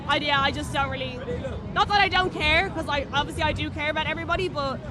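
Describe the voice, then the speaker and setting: A woman's voice: sits high, fast, a crowd in the background. A young-sounding Irish woman answering a street interview in an easygoing, chatty way. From Ireland. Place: city street outdoors. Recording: street noise and music behind.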